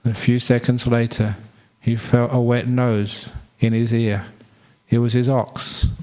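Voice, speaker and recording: A man's voice: medium pitch, little pitch movement, measured pace, mellow. A man who is a Buddhist monk, telling a story in a chatty, humorous dharma talk. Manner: humorous, chatty, laughs at own jokes.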